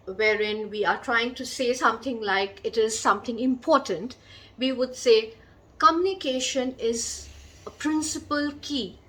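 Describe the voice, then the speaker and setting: A woman with a fairly high voice teaches an English vocabulary lesson. She explains patiently and spells each word out letter by letter. She gives simple examples as she goes. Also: a bit bright, rough recording.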